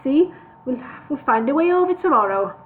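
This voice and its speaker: Woman doing a gloomy nervous dwarf guy, kinda high, stumbly, sounds like a phone call. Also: expressive, moderate pace, a little hiss or hum. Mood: wary. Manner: hesitant, wary, with stammered restarts. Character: gloomy, hesitant male dwarf guide.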